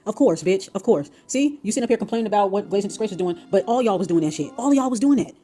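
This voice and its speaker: A woman's voice: mid-range voice, expressive, warm tone. A woman hosting her own channel in heated commentary, talking in a confrontational, profane rant. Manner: profane, confrontational, rapid ranting. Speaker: tarot channel host. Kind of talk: heated commentary on played clips.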